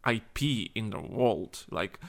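A man's voice: fairly low pitch, lively intonation, takes it slowly. A man co-hosting a casual gaming chat, laughing often and teasing the others. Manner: laughing, teasing, loose chatter. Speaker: podcast co-host.

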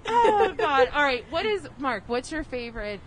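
A woman hosts a casual podcast interview, upbeat and quick to laugh. Her voice sits a little high and moves with a lively, bouncing pitch. A faint noise runs under the recording. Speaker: podcast host.

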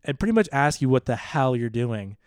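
Animated man telling a story, smooth voice. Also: mid-range voice, brisk, dry recording, studio quality. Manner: animated, rambling, stammers and restarts. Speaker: podcast co-host. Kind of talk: casual storytelling chat.

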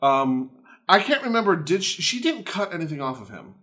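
A man's voice: a little high, very animated, a little fast, sharp tone. A man co-hosting a podcast, recapping a film in casual chat with crude jokes. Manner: crude jokey banter, acts out characters. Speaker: podcast co-host.

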